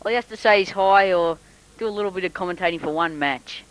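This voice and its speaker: Dude doing joke sports commentary, keeps mixing up names, lots of ums. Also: male voice, high-pitched, fast, a bit bright, rough recording. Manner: jokey, muddling his own names, hesitant fillers. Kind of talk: improvised comedic commentary.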